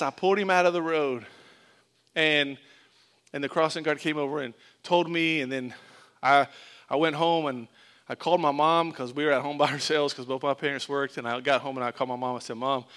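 A middle-aged man from Florida preaching in a loose, conversational way, slipping jokes in between scripture. His voice sits a little high and rings bright and clear, easy to follow as he tells a story from his boyhood. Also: steady tone, fairly quick. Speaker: pastor. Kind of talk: sermon with personal story.

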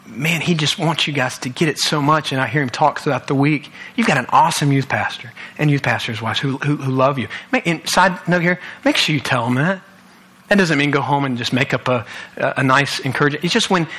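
Bright-voiced man preaching to youth. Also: a little high, slightly rough. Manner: earnest, repeats words and restarts often. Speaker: guest youth speaker. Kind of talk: youth sermon. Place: church youth service.

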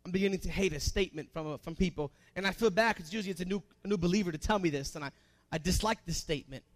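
Preaching as a pastor, this man poses questions to his congregation and alternates between quiet asides and loud, emphatic lines. He has a high voice and talks very fast.

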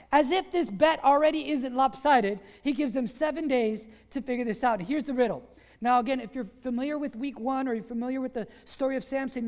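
A pastor preaching a sermon, animated and quizzing the congregation with questions. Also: medium pitch. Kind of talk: sermon with call-and-response questions. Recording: long reverb of a large hall.

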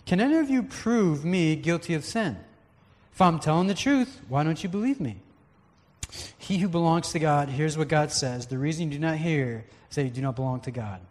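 A man's voice: on the high side, lively intonation, moderate pace, darkish tone. A man preaching a conversational, earnest sermon as a pastor. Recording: long hall reverb.

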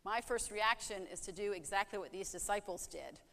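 A woman's voice: mid-range voice, moderate pace, pushed and bright, long reverb tail. A woman preaching a sermon in an earnest way, asking rhetorical questions and acting out heartfelt prayers.

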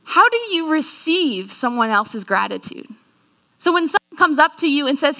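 A woman giving a sermon in an earnest way, slowing down on scripture and asking the listeners questions. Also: high voice, lively intonation, sharp tone. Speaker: speaker at a church talk.

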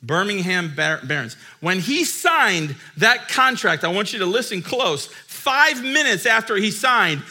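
A middle-aged father telling a story to camera in an animated, chuckling, emphatic way. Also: high voice, a little slow, few pauses, slightly rough.

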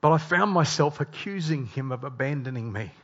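A middle-aged male pastor preaching a sermon, earnest, moving between hushed confession and loud, emphatic passages. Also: mid-range voice, expressive, brisk. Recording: dull lo-fi recording.

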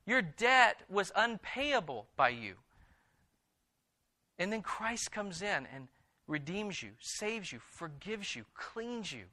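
A man delivers a sermon in a bright, forceful voice that sits a little high for a man. He reads scripture aloud, then presses his point with earnest, emphatic repetition. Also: big pitch swings, slow pace. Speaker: pastor.

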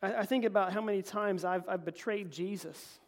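A man preaching a sermon as pastor, reading scripture and swinging between emphatic peaks and quiet, low asides. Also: normal speed. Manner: animated preaching, voice rising to emphatic peaks then dropping low.

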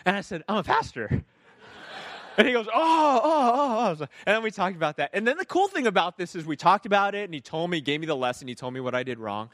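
Male pastor, sermon delivery, lively pitch leaps, slightly high voice, dry close sound. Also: fast, dry recording. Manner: storytelling, animated, asks the audience "right?".

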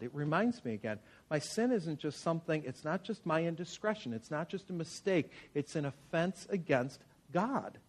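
A man's voice: fairly high pitch, very animated, normal speed, hardly any pauses. A man preaching a sermon in an earnest, conversational way, with personal stories. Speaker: pastor.

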